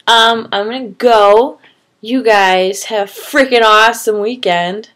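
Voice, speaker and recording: A woman's voice: mid-range voice, fairly even intonation, unhurried, a bit bright. A woman casually telling a made-up story, rambling with fillers and swearing.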